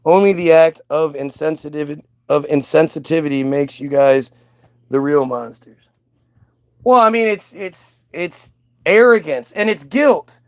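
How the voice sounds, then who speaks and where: A man's voice: fairly high pitch, a little slow, no room sound. A man ranting in casual commentary, sarcastic and profane, mocking people as he reacts to clips.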